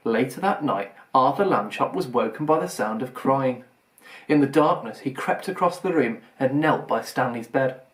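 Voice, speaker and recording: Male audiobook reader, children's story, expressive read-aloud. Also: medium pitch, normal speed.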